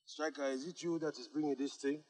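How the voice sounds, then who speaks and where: A man's voice: fairly high pitch, fairly even intonation, a little fast, a little mellow, natural voice. An actor with an African accent playing a harsh, domineering male warlord who barks orders at his troops. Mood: menacing. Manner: barking orders, drilling troops. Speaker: film character.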